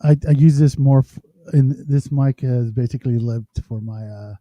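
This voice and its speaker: A man with a deep voice co-hosting a live stream, rambling casually while adjusting his audio gear. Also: moderate pace, dry recording, muffled recording. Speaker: podcast co-host.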